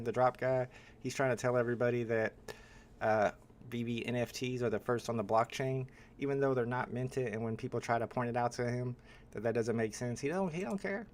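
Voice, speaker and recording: A man's voice: medium pitch, a little hiss or hum. A man hosting a live stream in a casual, chatty way, reading and answering viewer comments.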